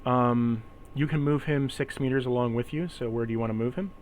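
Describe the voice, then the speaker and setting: A man's voice: mid-range voice, brisk, darkish tone, a little hiss or hum. Man running a tabletop game over voice chat. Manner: explains rules patiently, step by step. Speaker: game master.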